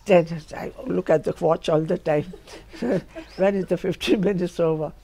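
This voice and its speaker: A woman's voice: fairly low pitch, measured pace, a little hiss or hum. An older woman, telling humorous stories from her life and laughing often. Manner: laughs often, lively storytelling. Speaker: storyteller recalling her life. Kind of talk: humorous storytelling. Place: home.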